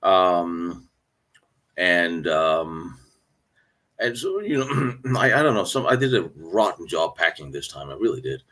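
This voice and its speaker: A male host chatting casually on a live stream from a hotel room. His pitch swings widely as he talks. He rambles, laughs often and restarts his sentences. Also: big pitch swings, measured pace, fairly bright tone. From United States.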